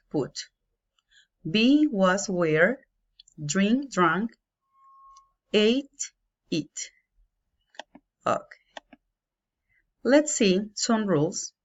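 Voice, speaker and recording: A woman with as her teaching an English grammar lesson, slowly and carefully, spelling out each example. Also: medium pitch. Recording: dull lo-fi home recording.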